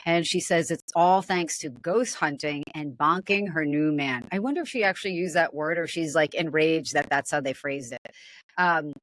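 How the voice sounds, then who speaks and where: A woman's voice: low voice, normal speed, fairly bright tone, no echo. A woman hosting a casual podcast, reading odd news stories aloud and laughing at them. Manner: amused, laughs often, comments while reading. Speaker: podcast host.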